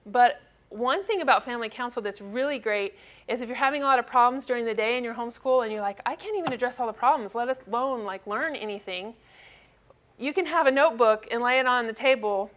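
A woman's voice: fairly high pitch, fast, a bit bright. A middle-aged mother giving a casual church talk, chatty, with many fillers and frequent laughs. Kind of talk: personal storytelling talk.

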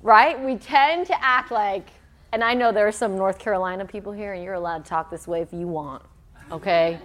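A woman's voice: mid-range voice, normal speed, fairly bright tone. A woman giving a playful talk to a youth audience. She jokes and keeps asking them questions. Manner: playful, joking, quizzing the audience. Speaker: church youth speaker.

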